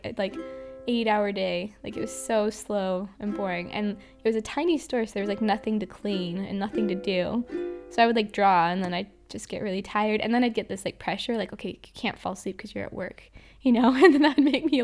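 A young woman from Idaho telling stories about her old jobs, chatty, with many fillers and frequent giggles. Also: on the high side. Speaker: interviewee. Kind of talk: casual storytelling.

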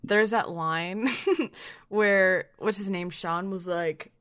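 A young woman co-hosting a casual chat, playful and quick to laugh, cursing freely. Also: fairly low pitch, steady tone, a bit bright, clean tone, no echo, studio quality.

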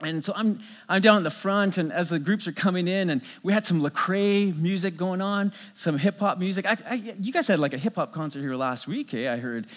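A middle-aged man preaching a sermon as a pastor, telling stories in an animated way with many restarts. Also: sits high, brisk, hardly any pauses, in a large hall.

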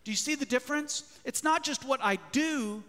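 High-voiced pastor preaching in a hall. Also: male voice, normal speed. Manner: lively, asks the congregation questions. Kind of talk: sermon. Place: church sanctuary. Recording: long hall reverb.

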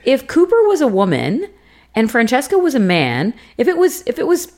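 A woman co-hosting a podcast, chatting casually with animated, sarcastic remarks and frequent swearing. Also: high-pitched, normal speed. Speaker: podcast co-host. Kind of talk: casual chat.

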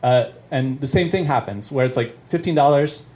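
A man's voice: mid-range voice, moderate pace, darkish tone. A man doing stand-up, telling a long story in a rambling, self-interrupting way and chuckling at it as he goes. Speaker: comedian. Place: live venue.

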